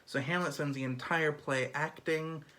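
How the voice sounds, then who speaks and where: A man's voice: a little high, steady tone, moderate pace, fairly bright tone. Chatty man summarizing a play. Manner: chatty, filler-heavy, lots of "um" and "like". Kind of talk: casual literature summary.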